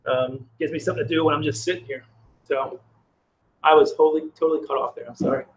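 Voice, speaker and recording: A man's voice: fairly high pitch, fairly even intonation, fast, low-quality recording. Chatty man live-streaming outdoors. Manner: chatty, reads chat aloud, rambling. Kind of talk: casual live-stream chat. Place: outdoors in the cold.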